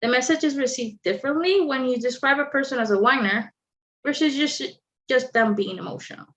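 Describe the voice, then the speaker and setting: Lady teaching a workshop over a call, highish voice, kinda muffled lo-fi sound. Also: fairly quick, fairly bright tone, a little hiss or hum. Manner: clear instructive delivery with light asides. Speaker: workshop presenter. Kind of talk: online training presentation.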